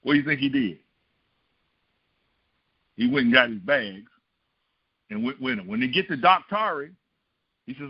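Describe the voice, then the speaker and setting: Middle-aged male pastor, a bit high in pitch, tells sermon stories and keeps asking the room questions; muffled, dry sound. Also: animated, moderate pace, vocal fry, long pauses, husky, no echo. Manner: asks the congregation rhetorical questions. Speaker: preacher. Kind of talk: storytelling sermon.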